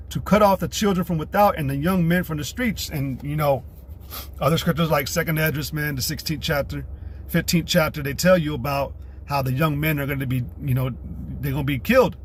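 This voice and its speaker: This American livestream preacher talks briskly in a voice on the high side, with slight background noise behind him. Using a streaming setup, he alternates between profane, blunt ranting and scripture reading.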